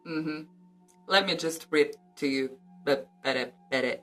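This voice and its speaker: A woman vlogger with a low voice chats casually about a book and reads passages aloud. She drops in joking, cheeky asides, with faint music behind her. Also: measured pace, a bit bright.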